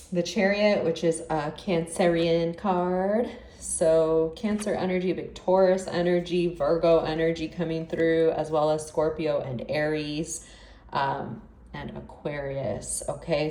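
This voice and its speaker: A lower-pitched woman talks through a tarot spread in a loose, chatty way, exclaiming as cards turn up. She sits back from the mic, so her voice sounds roomy and distant, with a faint hiss behind it. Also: darkish tone. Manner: chatty and exclamatory, with many fillers. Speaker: tarot reader. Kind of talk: casual tarot reading. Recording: echoey room, distant mic, faint noise.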